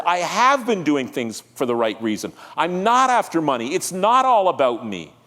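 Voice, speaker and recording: Male pastor, high and lively voice, conversational sermon with call-and-response, reverberant sanctuary. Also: normal speed, few pauses. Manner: animated, conversational preaching with audience call-and-response. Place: church sanctuary.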